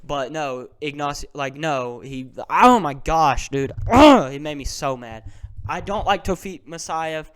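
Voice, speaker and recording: A young man giving a casual, excitable breakdown of fight results, ranting and swinging between low mutters and loud outbursts. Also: unhurried, clean tone. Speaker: MMA fan vlogger.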